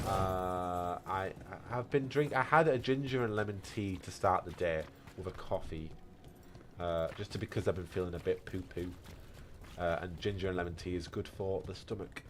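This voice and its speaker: A man with a British accent chats loosely while he plays, answering viewers with a playful, rambling ease. His voice sits a little low. A faint hiss runs under the recording. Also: fairly bright tone. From Britain. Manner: chatty and playful, reading chat aloud. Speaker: streamer. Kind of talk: casual chat while gaming.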